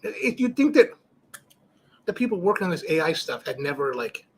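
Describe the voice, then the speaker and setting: Man, middle-aged, live-stream host, rambling casual chat, lively up-and-down pitch, husky. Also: moderate pace. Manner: rambling, storytelling, frequent restarts and fillers. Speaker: cigar livestream host.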